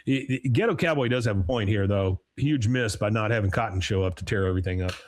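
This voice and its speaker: Male podcast co-host, lowish voice, casual recap, slips into quick character lines. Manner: retells scenes, briefly acting out lines.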